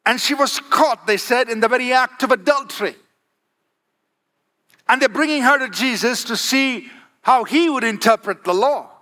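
With a very high-pitched, sharp-toned voice at a moderate pace, a man preaches emphatically. He asks the congregation "Amen?" and alters his pace for effect.

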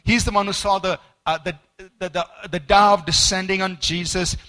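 A male preacher teaches a sermon from a study book, his voice high and ringing bright. He grows animated as he acts out quoted speakers, and he stumbles through repeated words and fillers along the way. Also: normal speed, faint music behind.

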